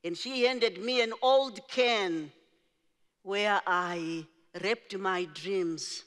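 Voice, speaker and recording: A middle-aged woman whose first language is Shona, telling her life story in a slow, deliberate speech with emphatic phrasing. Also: medium pitch, fairly bright tone. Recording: reverberant large hall.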